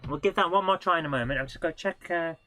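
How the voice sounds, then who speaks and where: Bright-voiced woman streaming a retro game. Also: fairly low pitch, racing, faint music behind. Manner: chatty, self-mocking, laughs often. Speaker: live-streaming game host. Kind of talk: casual live gameplay commentary.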